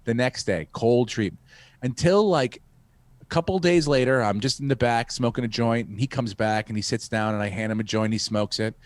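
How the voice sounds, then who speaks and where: A man's voice: mid-range voice, a little fast, no echo. A man hosting a podcast who rambles through a profane story and acts out the quotes. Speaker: podcast host, comedian. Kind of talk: casual storytelling.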